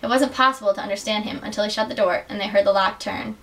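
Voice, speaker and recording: A young adult woman giving an earnest, measured dramatic reading of literary excerpts as a student reader. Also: mid-range voice, steady tone, fairly bright tone. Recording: distant mic with faint hiss.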